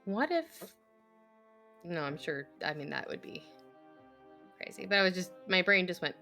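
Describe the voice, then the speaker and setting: A woman's voice: on the low side, very animated, normal speed, long pauses, sharp tone, faint music behind. A woman playing a tabletop game, thinking aloud tentatively about what her character sees. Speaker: player. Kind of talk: casual chat in a tabletop game.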